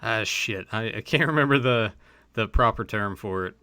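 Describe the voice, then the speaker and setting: A man from the American South with a mild Southern accent, hosting a casual livestream chat in a relaxed, halting way. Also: lowish voice, no echo.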